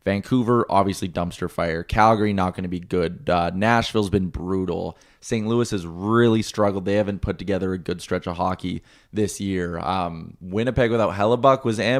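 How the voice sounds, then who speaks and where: Chatty low-voiced man talking hockey. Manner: chatty, animated storytelling with frequent "like". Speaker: sports radio co-host. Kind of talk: casual hockey chat.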